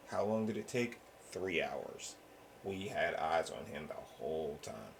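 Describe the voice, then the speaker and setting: A very deep male voice with a gravelly, fried edge, talking casually as a podcast host. He rambles loosely and swears freely, slipping into acted-out quotes as he goes. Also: big pitch swings, unhurried, slight background noise. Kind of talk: casual chat.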